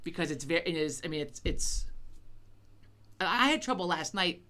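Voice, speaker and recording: A woman's voice: fairly low pitch, lively intonation, moderate pace, pushed and bright. A middle-aged woman co-hosting a chat podcast, rambling casually and swearing a lot, with many fillers and restarts. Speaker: podcast co-host.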